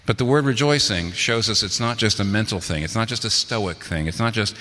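A man's voice: lowish voice, a little fast, sharp tone, long reverb tail. A man preaching a sermon, asking rhetorical questions and building to emphatic peaks. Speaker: pastor.

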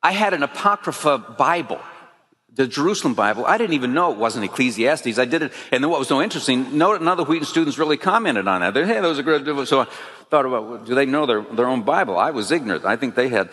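A man's voice: medium pitch, animated, fast talker, a bit bright, in a large hall. A man preaching, telling his own story with earnest, emphatic rising phrases. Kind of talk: sermon testimony.

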